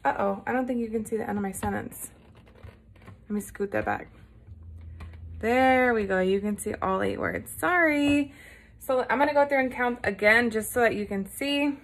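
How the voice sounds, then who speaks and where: A woman's voice: on the high side, very animated, moderate pace. A woman teacher giving a recorded lesson to young children, patient and encouraging, often checking in with a "right?".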